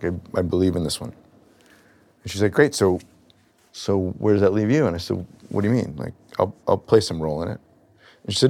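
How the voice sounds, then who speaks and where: Man, 30s, low voice, cofounder, candid and hesitant, retells what was said. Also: fast talker, vocal fry, darkish tone. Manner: reflective, hesitant, retells conversations. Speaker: business cofounder. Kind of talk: candid conversation in a therapy session.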